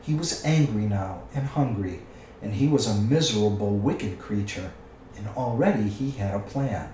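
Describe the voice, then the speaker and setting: A man reading a storybook aloud with expressive storytelling. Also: on the low side, moderate pace, recorded from a distance, slight background noise. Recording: echoey room, away from the mic.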